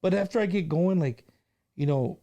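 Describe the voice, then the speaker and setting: A man's voice: high voice, normal speed, dark tone. A middle-aged man hosting a casual live stream, chatting and telling stories in an easygoing way, with plenty of "you know" and "man".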